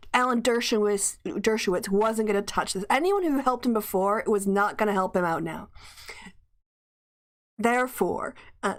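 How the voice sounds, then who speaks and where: A woman host in casual commentary, reading news aloud with gleeful, chatty asides. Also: on the high side. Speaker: livestream host.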